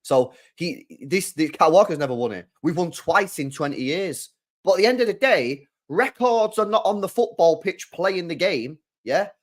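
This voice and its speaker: Emphatic young man, fairly high voice. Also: animated, moderate pace. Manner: emphatic, repeats his points. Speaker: host. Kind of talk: live football watchalong chat.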